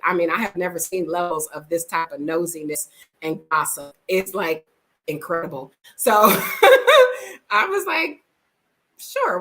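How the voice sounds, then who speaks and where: An American woman in middle age vlogs to camera, telling stories casually and frankly while animatedly acting out the people in them. Her voice is fairly low and the recording is rough.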